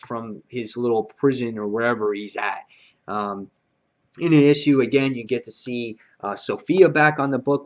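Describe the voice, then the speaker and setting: A man reviewing a comic book in a casual, rambling, excited way, full of fillers and quoted lines. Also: mid-range voice. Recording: dull lo-fi recording.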